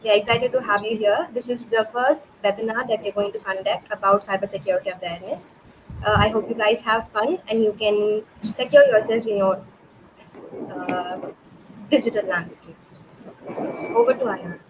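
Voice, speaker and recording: A woman's voice: medium pitch, fairly even intonation, moderate pace. Woman welcoming, noisy call. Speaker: chapter director. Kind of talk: opening welcome. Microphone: video call. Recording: video call with clear background noise.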